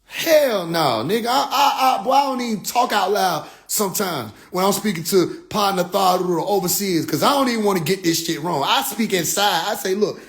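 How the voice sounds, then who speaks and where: A man with a high-pitched voice rants casually on a phone livestream, full of swearing and animated energy. He keeps dropping into low, mocking impressions of other people. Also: normal speed, gravelly, few pauses. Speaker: livestream host.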